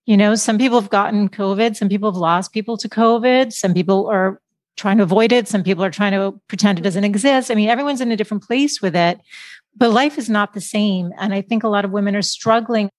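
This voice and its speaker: A woman's voice: mid-range voice, brisk, no room sound. A woman hosting an interview, affirming and upbeat, who calls herself positive and happy. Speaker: podcast host. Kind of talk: conversational interview.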